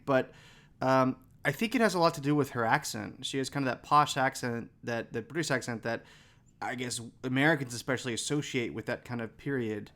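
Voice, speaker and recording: A man's voice: medium pitch, pushed and bright. Musing man podcast co-host. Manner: musing, thinking aloud. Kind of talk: casual chat.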